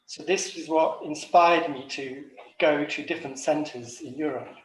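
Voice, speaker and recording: English man, fairly high voice, loose reflective talk full of ums, echoey room, set back from the mic. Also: steady tone, moderate pace, distant mic. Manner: rambling, many ums and restarts. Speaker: macrobiotic chef and retreat director. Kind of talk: casual reflective talk at an online forum.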